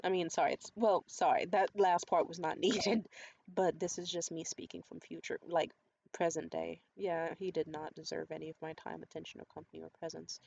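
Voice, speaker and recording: A woman vlogger telling a personal story in a candid, profane and animated way. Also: low-pitched, brisk, creaky. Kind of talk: storytime monologue. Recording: slightly dull, faint hiss.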